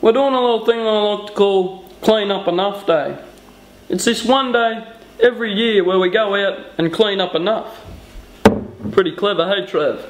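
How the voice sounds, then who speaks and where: A man's voice: high-pitched, moderate pace, lightly acted. An older man with an Australian accent playing a friendly, easygoing grandfather in a tiny outback town in a short film, chatty and jokey. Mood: cheerful.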